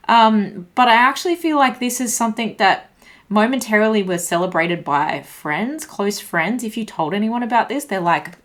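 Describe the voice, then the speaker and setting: A woman's voice: a little high, expressive, normal speed, a bit bright. A woman doing an intuitive tarot reading, slightly breathless with a shaky voice, musing and searching for words as she turns the cards. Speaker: tarot reader.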